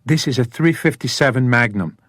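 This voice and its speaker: A man's voice: medium pitch, brisk, a bit bright, dry recording, studio quality, pitched above the performer's own voice, close to an everyday voice. A man voicing a small, tough woman who is a former cop, giving clipped, commanding orders at gunpoint. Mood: threatening.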